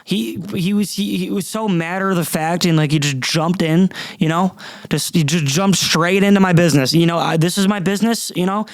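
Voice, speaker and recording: Guy on a podcast going off about something, swears a lot, keeps restarting, kinda high voice, dry sound. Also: fairly quick, dry recording. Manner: profane, exasperated, rambling with many restarts. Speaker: podcast host. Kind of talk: casual storytelling rant.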